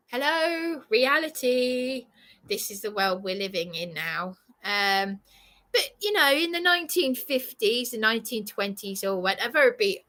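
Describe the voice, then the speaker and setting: A woman ranting to the camera in an emotional monologue. She is indignant, swears often and her voice climbs into shouts. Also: medium pitch, expressive, a little slow. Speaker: vlogger.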